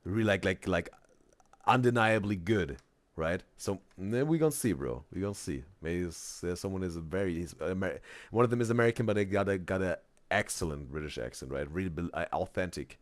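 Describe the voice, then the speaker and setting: Deep, dry-voiced streamer rambling on. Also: male voice, expressive, fairly quick, dry recording. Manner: rambling, keeps saying "bro" and "right?". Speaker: streamer reacting to a video. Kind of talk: casual live-stream commentary.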